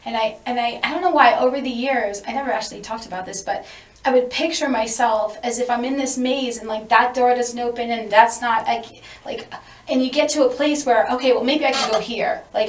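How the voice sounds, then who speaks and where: A woman podcast host thinking aloud in a reflective, searching way. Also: a little high. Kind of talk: reflective conversation. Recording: roomy, distant mic.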